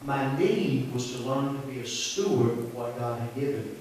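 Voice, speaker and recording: Folksy Southern pastor in echoey church. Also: male voice, mid-range voice, moderate pace, a little mellow. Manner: folksy, conversational preaching with call-and-response. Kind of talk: sermon. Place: church sanctuary. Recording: echoey church hall from far off, faint hiss.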